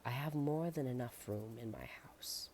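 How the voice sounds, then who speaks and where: A soft-spoken reader voicing a kindly old farmer, gentle and whispered. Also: mid-range voice, a little slow, a little hiss or hum, lightly acted.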